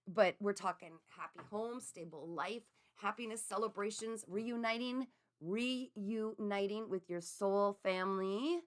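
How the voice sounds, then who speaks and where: A middle-aged woman hosting a live-streamed card reading, chatting with viewers in an animated way and laughing often. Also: medium pitch. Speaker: psychic reader.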